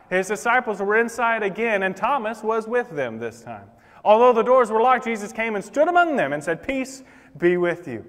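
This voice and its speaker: High-voiced preacher in a reverberant church. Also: male voice, a bit bright. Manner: impassioned, acts out the Bible figures' words. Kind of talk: sermon. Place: church sanctuary. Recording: long reverb of a church hall.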